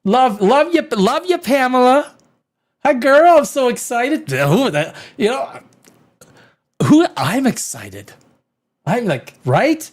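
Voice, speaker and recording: A man hosting a rowdy live stream, loud and rambling, swearing and reading chat comments aloud, a little tipsy from wine. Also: very high-pitched, slow pace. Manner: animated, swings between shouting and muttering. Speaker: live show host.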